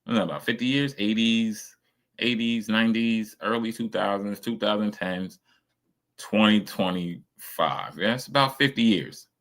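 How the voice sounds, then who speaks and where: A man's voice: fairly low pitch, a little slow, fairly bright tone. A man streaming casual reaction commentary, ranting emphatically and swearing a lot.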